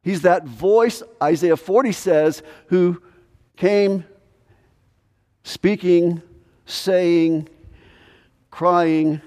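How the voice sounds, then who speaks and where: High-voiced preaching man, long hall reverb. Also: a little mellow. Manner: earnest, measured preaching with verse-by-verse explanation. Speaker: pastor. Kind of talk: sermon. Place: church sanctuary.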